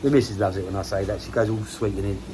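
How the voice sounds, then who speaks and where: A man's voice: fairly low pitch, fairly even intonation, fast, mellow, slight background noise, rough recording. A man, chatting casually and rambling on a vlog, self-mocking and swearing casually. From England. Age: 50s. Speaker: koi pond vlogger. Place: outdoors by a garden pond.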